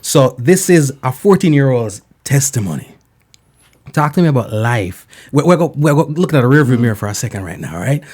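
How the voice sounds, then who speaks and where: A man's voice: medium pitch, a little fast. A male host interviewing a guest, enthusiastic and addressing the audience directly. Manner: enthusiastic, lively. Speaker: show host. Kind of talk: interview and radio-style host talk.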